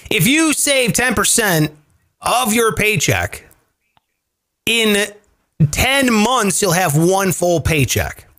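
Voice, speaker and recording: A man's voice: high-pitched, expressive, slow, long pauses, sharp tone. A man hosting a casual chat show, explaining money tips with emphatic, profane energy. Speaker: podcast host.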